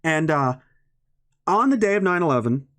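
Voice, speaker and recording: A man rants to an audience in a rambling, profane monologue, his somewhat high voice swinging up and down. He laughs partway through sentences and swears freely. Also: animated, normal speed, fairly bright tone.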